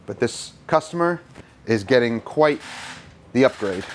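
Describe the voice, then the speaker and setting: A man with a mid-range voice walks through a detailing job in a relaxed, plain-spoken way. He explains each step calmly and jokes around now and then. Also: mid-range voice, a little slow, slight background noise. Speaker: car detailer and channel host. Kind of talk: hands-on instructional commentary.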